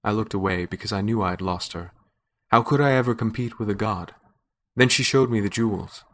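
A man reading a story aloud in first person, with measured, scripted narration. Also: fairly low pitch.

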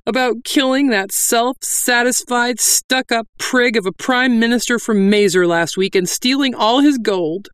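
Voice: medium pitch, measured pace, few pauses, a bit bright, smooth, dry recording, studio quality, pitched above the performer's own voice, close to an everyday voice. A reader voicing a scruffy, bald male bandit who wails and blubbers his confession. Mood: wailing. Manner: wailing and blubbering.

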